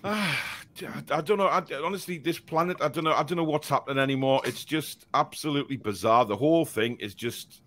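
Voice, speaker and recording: A man's voice: a little high, fairly quick, few pauses, fairly bright tone. A man hosting a live fan stream, reading out comments with sarcastic, mock-exasperated asides. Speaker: host reading viewer comments. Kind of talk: casual live-stream chat.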